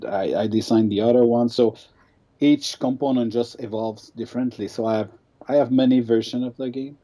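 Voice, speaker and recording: A man's voice: medium pitch, steady tone, moderate pace, dark tone. A man being interviewed as a game designer, talking casually and hesitantly with many restarts.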